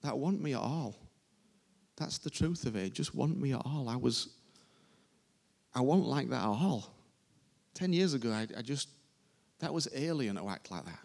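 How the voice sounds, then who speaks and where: A man's voice: mid-range voice, expressive, moderate pace, creaky, darkish tone. A man preaching a sermon to a congregation in an informal, emphatic way, repeating his phrases. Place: church service before a congregation.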